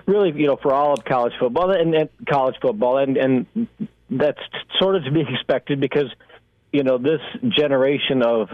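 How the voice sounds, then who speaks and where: A man calling in to a sports radio show, chatting in a relaxed, rambling way with lots of fillers. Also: mid-range voice, dry recording. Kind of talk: casual radio call-in chat. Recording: tinny phone line.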